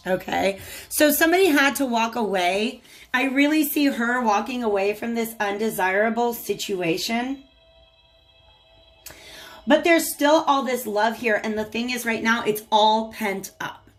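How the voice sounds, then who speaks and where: A woman's voice: on the high side, unhurried, soft background music. A woman giving a casual tarot reading, chatting to viewers and talking to the cards as she goes. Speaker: tarot reader.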